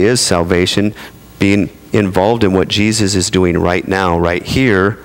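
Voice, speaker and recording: A man's voice: fairly low pitch, creaky. A man preaching a sermon in a conversational way, with playful asides to his congregation. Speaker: pastor.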